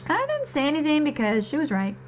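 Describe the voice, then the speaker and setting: A woman's voice: high voice, quick pace, slight background noise. Woman teacher reading aloud expressively. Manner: expressive and conversational, addresses students directly. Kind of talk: reading a novel aloud to students.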